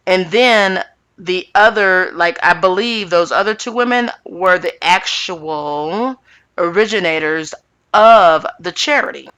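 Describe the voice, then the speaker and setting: A woman's voice: fairly low pitch, slow pace, fairly bright tone, clear, resonant tone. A woman hosting a reality TV recap in casual chat, blunt and sassy, swearing and using slang as she talks to her viewers.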